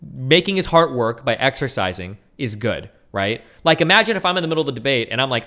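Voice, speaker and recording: A fast-talking man commentating on his livestream. He argues heatedly and swears freely, and his pitch swings widely as he drops into mocking voices. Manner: fast, heated, profane arguing with animated mock voices. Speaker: streamer reacting to a debate.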